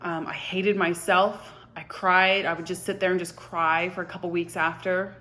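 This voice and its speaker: Woman, 20s, confessional vlogger, halting and emotional, soft and hushed delivery. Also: lowish voice, flat delivery. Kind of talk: personal confessional storytelling.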